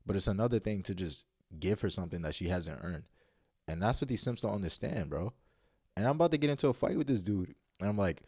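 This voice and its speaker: A man's voice: low-pitched, darkish tone, no room sound, clean studio sound. A man casually telling a story-time tale in blunt, profane slang, rambling and restarting as he goes. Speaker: vlogger.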